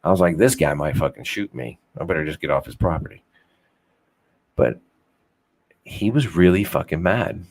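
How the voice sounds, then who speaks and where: Casual podcast host, young man with a low voice, loose and rambling, profane, self-mocking humor. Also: animated, moderate pace, long pauses, darkish tone. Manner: swears freely, rambling, self-deprecating. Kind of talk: casual unfiltered chat.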